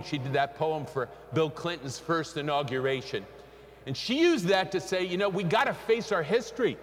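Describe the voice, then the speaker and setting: A man's voice: on the high side, big-room sound. A man preaching a sermon who breaks into a spiritual and leads the congregation in call and response. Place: church sanctuary.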